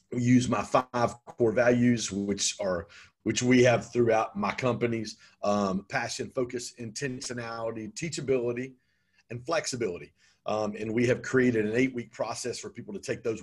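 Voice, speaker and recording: A man's voice: mid-range voice, slightly rough. A man talking as an interview guest about his business coaching, chatty and full of ums. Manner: talkative, frequent ums. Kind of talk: conversational interview.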